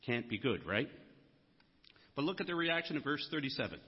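In a church sanctuary with long hall reverb, a man preaches earnestly, his husky voice a little muffled. Fairly high-pitched and slightly fast, his speech swings widely in pitch as he raises his voice on key words.

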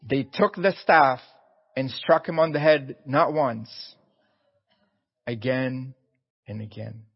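Earnest, husky male preacher. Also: mid-range voice, slow pace, in a large hall, dull audio. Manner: earnest, pleading, repeats his words. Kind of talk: sermon.

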